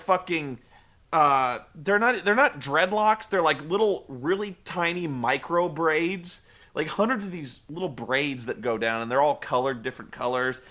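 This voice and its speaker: Guy ranting about wrestling, bright crisp voice, swears a lot, stumbles over words. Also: mid-range voice. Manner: profane, stammering, exasperated. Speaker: host reviewing a wrestling show. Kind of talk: comedic rant review.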